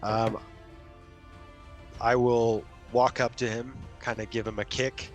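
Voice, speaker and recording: A man's voice: mid-range voice, little pitch movement, slow pace, faint music behind. A man playing a tabletop game, talking in a casual, laid-back way. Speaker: player.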